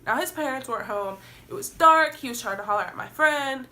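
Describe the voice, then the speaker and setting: A young woman vlogger telling a wild story in a casual storytime vlog, animated and profane, acting out what people said. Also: high voice, a little fast.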